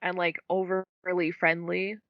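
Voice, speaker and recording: A woman's voice: lowish voice, flat delivery, a little slow, no room sound, muffled recording. A young woman co-hosting a book podcast, chatting casually and filling her talk with "like". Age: young adult. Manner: chatty, many "like" fillers. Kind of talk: casual chat.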